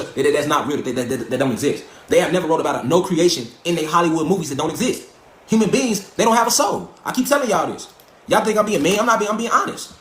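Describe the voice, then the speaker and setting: A middle-aged man lectures his online followers in a fervent, profane monologue, talking straight at them. His voice sits fairly high for a man. The room around him rings with echo. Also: a bit bright. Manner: preachy, emphatic, profane, addresses listeners as y'all. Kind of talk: fringe conspiracy monologue. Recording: echoey room.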